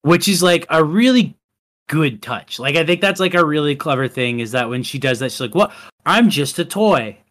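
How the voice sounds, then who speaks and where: A man's voice: fairly high pitch, expressive, a little fast, a bit bright. A man co-hosting a podcast, chatting casually about a film in a rambling way with many fillers. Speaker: podcast co-host. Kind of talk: casual chat.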